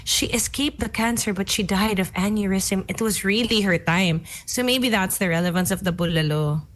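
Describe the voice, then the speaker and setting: A woman's voice: mid-range voice, moderate pace. A woman with a Filipino accent co-hosting a radio show, chatting and musing aloud. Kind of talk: casual studio banter.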